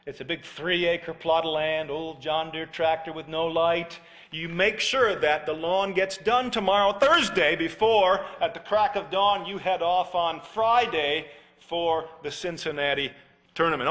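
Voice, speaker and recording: A man preaching a sermon, telling a story with acted dialogue and then dropping to a hushed, earnest plea and prayer. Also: high voice, lively intonation, a little slow. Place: church.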